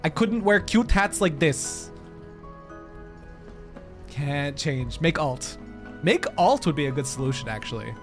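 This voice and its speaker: A man's voice: fairly high pitch, big pitch swings, unhurried, long pauses, faint music behind. A man live-streaming a game, chatting to his viewers in a giggly, rambling way. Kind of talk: casual live-stream chat while gaming.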